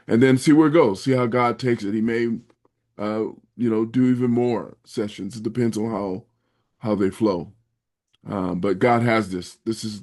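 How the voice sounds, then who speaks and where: A man hosting a podcast, speaking in a gentle, encouraging way with religious phrasing. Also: lowish voice. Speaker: podcast host. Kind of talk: casual interview.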